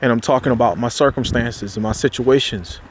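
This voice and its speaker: A man giving an impassioned spiritual talk, loose and conversational, with slang and restarts. He climbs sharply in pitch whenever he drives a point home. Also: fairly quick, a little hiss or hum. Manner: preachy, rises sharply in pitch when making a point. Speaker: motivational speaker.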